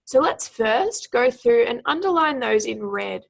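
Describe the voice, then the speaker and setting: Woman tutor walking through pronunciation, a bit higher voice with some gravel in it, drags out words slowly to show syllables. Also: expressive. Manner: slow, drawn-out syllables when modeling words. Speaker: speaking tutor. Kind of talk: exam pronunciation lesson.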